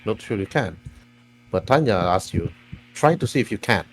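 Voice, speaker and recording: Game master, male, low husky voice, rambling narration with restarts, faint mains hum. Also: animated, moderate pace, soft background music. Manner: meandering, restarts often while narrating.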